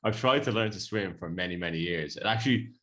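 A chatty Irish man with a very low voice co-hosts a relaxed radio chat. He tells long stories and laughs easily. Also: quick pace. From Ireland. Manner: chatty storyteller, laughs often.

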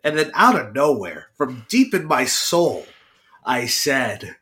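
Lively, bright-voiced young man joking around. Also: medium pitch, takes it slowly. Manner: playful and giggly, teasing. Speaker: podcast co-host. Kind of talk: casual chat.

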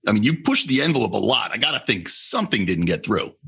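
Host, man: curious, chatty interviewer with an animated, husky voice. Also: lowish voice, quick pace. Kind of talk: interview questions.

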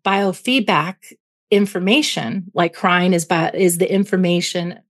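Her voice is fairly low and her delivery unhurried. She's a clinical psychologist on an interview, explaining feelings through ordinary analogies and checking in with "right?" as she goes.

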